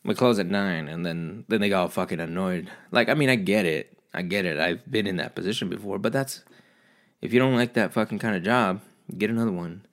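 A man casually vlogging from home, a profane, animated storyteller who rants about his day. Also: deep voice, fairly quick. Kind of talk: casual rambling monologue.

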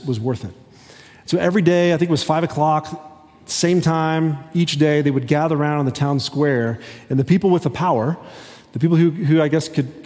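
A man giving a conversational sermon as a pastor, talking haltingly with many restarts. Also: on the high side, mellow. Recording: long hall reverb.

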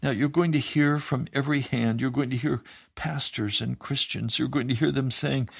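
A man's voice: mid-range voice, fairly even intonation, moderate pace, vocal fry, slightly rough, no room sound, clean studio sound. A man preaching a sermon as pastor, with an urgent, repetitive cadence.

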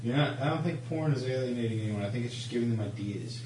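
A man's voice: mid-range voice, fast talker. A man playing a tabletop game, dropping dry, wry remarks. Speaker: player. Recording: roomy recording from a distant mic with background noise.

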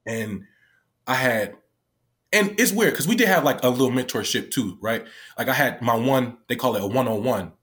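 A man with a voice of middle pitch tells a story from his job working with young people. His talk is loose and casual, full of fillers and swearing. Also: expressive, moderate pace, a bit bright. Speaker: youth worker.

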